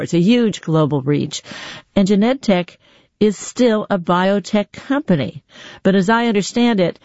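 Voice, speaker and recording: Woman radio host, measured clear delivery, dry studio sound, slightly dull recording. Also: fairly low pitch, a little mellow, no room sound. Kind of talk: public radio interview.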